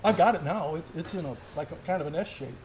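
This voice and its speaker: A man's voice: fairly high pitch, fast, a little hiss or hum. A middle-aged man, a military veteran, telling stories with vivid play-by-play in a live interview at an indoor gun shop event. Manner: animated, vivid play-by-play storytelling.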